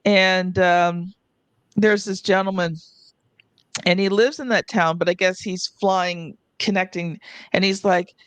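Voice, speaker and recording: Female podcast host, medium pitch, chatty anecdote delivery, dry close recording. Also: measured pace, long pauses, a bit bright, no echo. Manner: chatty, uses many "like" fillers, mimics others. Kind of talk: casual chat, personal anecdote.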